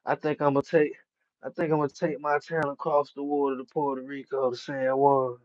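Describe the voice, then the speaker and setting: A man's voice: mid-range voice, flat delivery, moderate pace, no room sound. Man, casual slangy boxing talk, dull dry recording. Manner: profane, laughing often, street slang. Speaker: boxing commentator. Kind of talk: casual chat.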